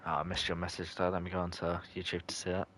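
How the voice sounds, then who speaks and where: Guy streaming a football game live, deep voice but punchy and bright, chats to viewers, yells at near misses. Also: monotone, quick pace, slight background noise. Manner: chatty, bursts into shouts at near misses. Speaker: gaming streamer. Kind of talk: live gameplay commentary and chat reading.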